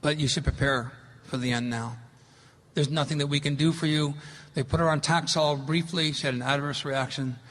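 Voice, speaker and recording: Man, middle-aged, slightly high voice, emphatic lecture, echoing hall. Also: fairly even intonation, moderate pace, a bit bright. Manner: earnest, emphatic storytelling. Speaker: speaker giving a talk. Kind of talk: public lecture with slides. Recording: long hall reverb.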